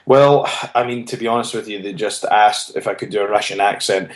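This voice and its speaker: A man's voice: on the low side, fairly quick. A man, a wrestler being interviewed, telling his story earnestly and often restarting his phrases. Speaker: wrestler guest. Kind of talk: casual interview chat. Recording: roomy echo.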